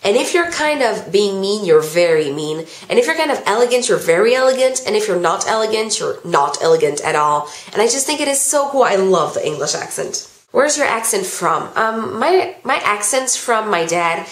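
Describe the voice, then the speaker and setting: A teenage girl with a slightly Californian American accent, chatting through a viewer Q&A for her vlog. She reads each question out, then rambles through her answer with plenty of "um" and "like". Her mid-pitched voice carries a roomy echo. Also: expressive, normal speed, hardly any pauses. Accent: American, Californian-tinged. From France. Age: teens. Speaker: vlogger. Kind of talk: casual Q&A vlog.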